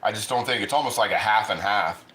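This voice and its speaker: A man's voice: lowish voice, quick pace, pushed and bright, reverberant, a little hiss or hum. A man hosting a casual cooking livestream, chatting loosely and eating as he talks. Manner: chatty, rambling, eats while talking.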